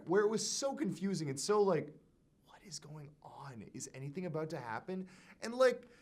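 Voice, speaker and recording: A man co-hosting a casual film review podcast, rambling through scene retellings and laughing often. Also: sits high. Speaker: podcast co-host.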